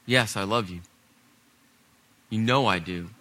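Man voicing Peter, ashamed, pleading, hushed, slightly high bright voice, sermon. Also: measured pace. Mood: frustrated.

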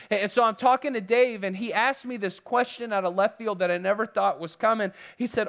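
A man with a notably high voice preaches, drifting from prayer into a personal story. He talks conversationally, circling back and restarting sentences as he goes. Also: fast talker, few pauses, a bit bright. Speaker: pastor. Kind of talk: sermon storytelling.

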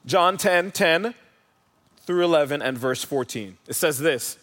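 A man delivers an earnest, emphatic sermon, leaning on repeated phrases. His voice sits high and bright. The sound carries the long reverb of a church hall. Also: animated, a little slow. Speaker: pastor.

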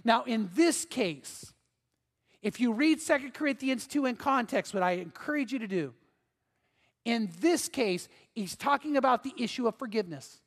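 High-voiced pastor preaching in a hall. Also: male voice, lively intonation, normal speed. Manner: earnest, emphatic preaching with repeated phrases. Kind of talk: sermon.

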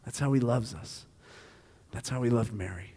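A man preaching a sermon, shifting between quiet, hushed stretches and loud, intense passages. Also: mid-range voice, normal speed, slightly rough, in a large hall. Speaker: pastor.

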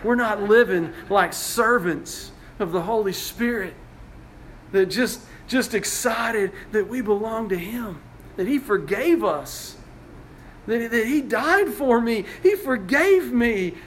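A man's voice: sits high, lively intonation, slow, slight background noise. A male pastor preaching a sermon, retelling a story conversationally with frequent restarts.

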